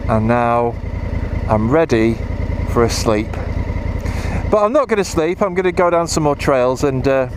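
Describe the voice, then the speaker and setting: A man's voice: mid-range voice, expressive, a little slow, noisy background. An English man vlogging casually while riding a motorbike on country trails, rambling with dry self-mocking humour and casual swearing, a bit tired. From England.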